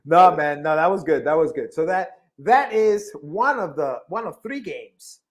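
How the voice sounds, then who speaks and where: A man hosting a podcast, chatting casually in excitable, playful banter full of slang. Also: a little high, unhurried. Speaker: podcast host. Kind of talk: casual chat.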